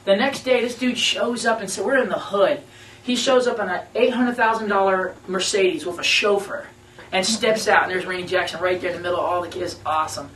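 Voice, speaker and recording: A man, a band member, telling a story to radio hosts in a lively, slangy storytelling manner. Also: sits high, brisk. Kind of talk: casual storytelling interview. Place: radio station conference room. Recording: roomy room, mic at a distance, faint noise.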